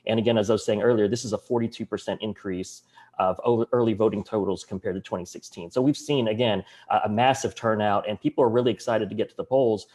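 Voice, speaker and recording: A man's voice: lowish voice, fairly even intonation, fast, darkish tone. A man with a Southern US accent, speaking earnestly as a panelist on a video call and working through statistics with small restarts. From Arkansas, US. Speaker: panelist, county election official. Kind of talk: online panel discussion.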